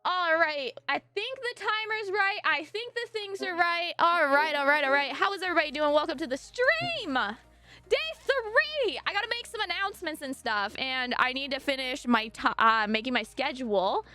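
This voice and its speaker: A young adult woman live-streaming, chatting casually and gushing excitedly at her viewers, breaking into squeals. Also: high-pitched, normal speed, hardly any pauses, soft background music.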